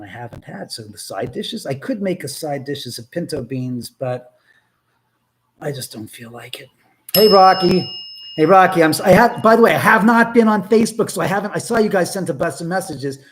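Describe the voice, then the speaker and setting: Animated, foul-mouthed live-stream host man. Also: on the high side, normal speed, slight background noise. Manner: animated, profane, reads viewer comments aloud. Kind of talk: rambling live-stream chat.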